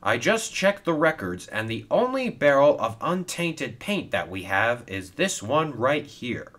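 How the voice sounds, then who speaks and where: A man's voice: mid-range voice, sing-song, unhurried, fairly bright tone, pitched above the performer's own voice. A man voicing an obliging male factory workman in a storybook reading, matter-of-fact in tone.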